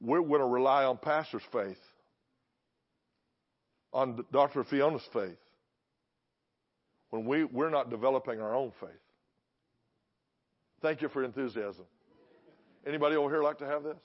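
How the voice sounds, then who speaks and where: A man's voice: mid-range voice, moderate pace, pauses often. A man preaching a sermon to a church congregation, emphatic, repeating phrases and putting questions to the crowd. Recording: dull lo-fi recording.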